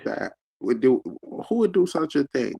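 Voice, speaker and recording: A man's voice: mid-range voice, big pitch swings, moderate pace, vocal fry, crowd noise. A man calling in as a guest on a casual chat, playful and jokey. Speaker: guest caller on a chat panel.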